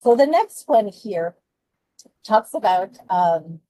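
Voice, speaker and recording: A woman presenting speaking tips in an online webinar, lively and chatty, laughing often as she talks with her hands. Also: medium pitch, takes it slowly, dry recording, rough recording. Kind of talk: presenting test-prep tips to an online audience.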